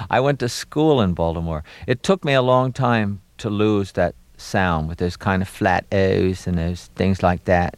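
A middle-aged man from Maryland, an actor being interviewed, talking reflectively with many pauses and fillers and a wry touch. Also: lowish voice, no room sound. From Maryland, USA.

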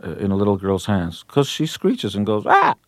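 A man's voice: on the low side, lively intonation, normal speed, darkish tone, dry recording. A man in his fifties, a rock musician guest on a radio interview, talking in a brash, boastful and punchy way from a studio.

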